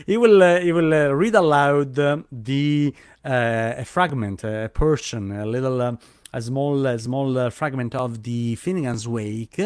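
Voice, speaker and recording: A man with a medium-pitched, darkish, smooth voice speaks a little slowly in a studio-quality recording with no room sound. He hosts a live online event over a video call, speaking English hesitantly with lots of fillers and restarts.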